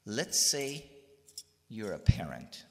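A man from California giving a spiritual talk, telling stories in a lively, animated way. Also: on the low side, takes it slowly. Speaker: spiritual teacher. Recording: long hall reverb.

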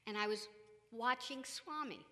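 A woman telling a family story in a lively, animated way, acting out what others said. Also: fairly high pitch, measured pace, big-room sound. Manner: animated, acts out quoted voices, laughs often. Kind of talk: spiritual storytelling with partner.

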